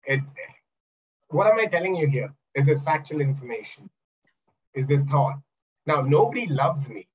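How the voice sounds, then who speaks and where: A man's voice: a little high, big pitch swings, normal speed, long pauses, highs cut off. A man coaching in a webinar over a video call, explaining by asking questions and acting out examples. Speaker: NLP coach and trainer. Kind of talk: webinar talk.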